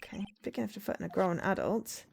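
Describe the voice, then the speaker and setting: A woman streaming a game, reading its dialogue aloud and chatting along in an animated way. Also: mid-range voice, fast talker, creaky, a little hiss or hum.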